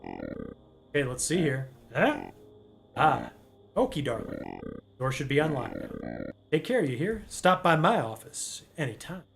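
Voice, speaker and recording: A man voicing a gruff, folksy office worker on a phone call, drawling and calling the caller girl. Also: fairly high pitch, wildly swooping pitch, a little slow, long pauses, music in the background, heavily acted.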